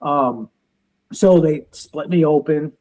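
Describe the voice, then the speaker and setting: A man's voice: fairly high pitch, a little mellow, poor audio. Man in his forties telling his story. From United States. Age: 40s. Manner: quotes others in quick back-and-forth, uses car comparisons. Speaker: interview guest, veteran and police officer. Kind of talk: animated personal storytelling.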